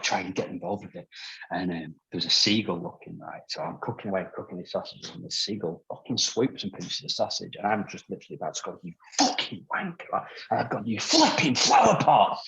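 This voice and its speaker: A man chatting as a guest on a podcast, rambling and swearing freely, quick to laugh. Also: deep voice, steady tone, gravelly, sharp tone. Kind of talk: casual podcast chat. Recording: dull lo-fi sound.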